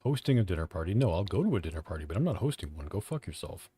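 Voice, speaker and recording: A man's voice: deep voice, big pitch swings, very fast, dark tone, husky. A young man streaming from home, chatting casually, swearing freely and poking fun at himself. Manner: profane, offhand, self-mocking. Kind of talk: casual live-stream chat.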